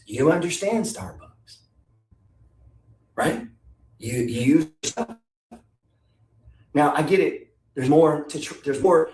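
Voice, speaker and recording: Middle-aged male investing coach, brash and swearing, fairly high lively voice, recorded in an echoey room. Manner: blunt, swearing, rhetorical questions. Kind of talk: profane motivational talk. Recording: echoey room, distant from mic.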